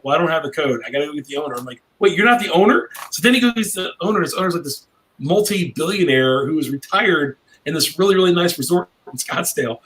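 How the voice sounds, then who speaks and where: A man's voice: on the high side, fairly bright tone, rough recording. A brash middle-aged man, a cigar maker guesting on a podcast, telling a long rambling story in casual chat.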